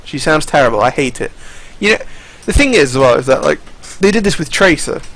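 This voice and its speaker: A man's voice: a little high, expressive, a little fast, a bit bright, low-quality recording. A young man giving casual, rambling, profane commentary over fighting game footage, often restarting his sentences.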